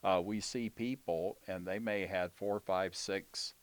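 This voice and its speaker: A man's voice: low-pitched, steady tone, a little slow. A man interviewing a patient, asking questions and encouraging her answers. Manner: encouraging, with frequent backchannels. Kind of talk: casual interview.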